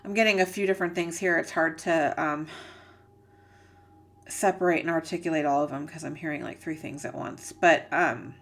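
A woman's voice: low-pitched, steady tone, moderate pace, fairly bright tone. A woman giving a channeled reading, earnest and emotional, rambling and searching for words with many fillers. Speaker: psychic reader.

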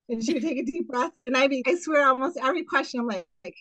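High-voiced chatty middle-aged woman. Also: fast, hardly any pauses, dry recording, poor audio. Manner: animated storytelling, acts out quotes, frequent laughs and fillers. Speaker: guest, occupational therapist. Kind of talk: casual podcast interview.

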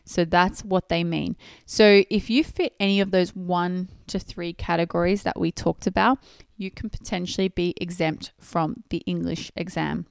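A woman's voice: on the low side, fairly even intonation, no room sound, clean studio sound. A woman from Australia, hosting a podcast and explaining rules step by step in plain terms. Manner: clear, methodical explaining with pauses to rephrase. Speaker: podcast host.

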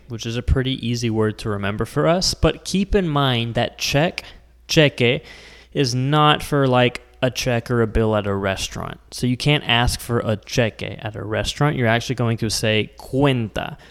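A man from the United States teaching Spanish words in a patient, explaining lesson, slowing down to spell out each word. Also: mid-range voice, big-room sound. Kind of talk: scripted language lesson.

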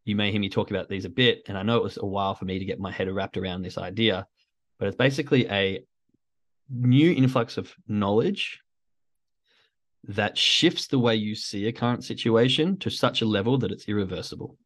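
Low-voiced man giving a casual motivational talk. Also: brisk, no room sound. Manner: conversational, uses many fillers, acts out quoted thoughts. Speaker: podcast host.

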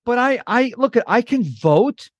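A man's voice: extremely high pitch, lively intonation, unhurried, no echo, muffled recording. A middle-aged man hosting a podcast, talking in an emphatic, motivational way. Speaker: podcast host. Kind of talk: casual podcast conversation.

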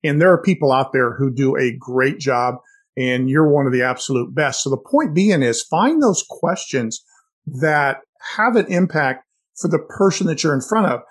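A man co-hosting a sales podcast, talking in an animated way and telling stories with frequent restarts. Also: mid-range voice, normal speed, slightly rough. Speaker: podcast co-host. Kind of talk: casual sales chat.

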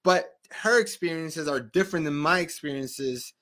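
A man with a fairly high, sharp-toned voice hosts a conversational interview at a moderate pace. Originally from a Spanish-speaking country, this podcast host speaks earnestly and frequently repeats words as a thought gets going.

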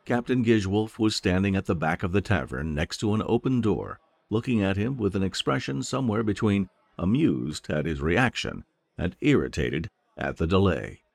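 A man narrating a fantasy audiobook in an expressive storytelling manner. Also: low voice, moderate pace, vocal fry, no room sound.

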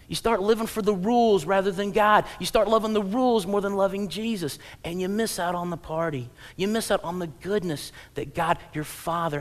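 A male pastor with a high-pitched voice delivers a humorous, conversational sermon. He swings between loud, animated acted-out lines and quiet, low-key asides. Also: long reverb tail.

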